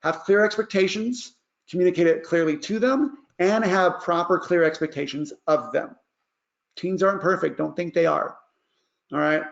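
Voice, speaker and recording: A man's voice: high-pitched, moderate pace, vocal fry, muffled recording. A man who works as a life coach gives a casual parenting advice lesson and keeps checking in with "all right?".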